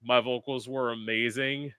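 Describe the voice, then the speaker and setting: A male podcast host chatting casually, telling animated stories and swearing freely. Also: medium pitch, normal speed, smooth, no room sound. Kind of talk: casual chat.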